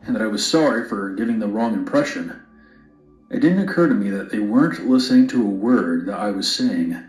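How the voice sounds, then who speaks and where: A man's voice: lowish voice, animated, a little fast, darkish tone, soft background music. A man narrating a first-person horror story in a blunt, wry way. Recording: roomy narration played back.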